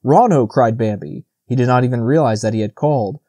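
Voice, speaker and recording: A man narrating a classic children's novel in a steady, measured storytelling manner. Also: medium pitch, no echo. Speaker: audiobook narrator. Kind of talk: audiobook narration.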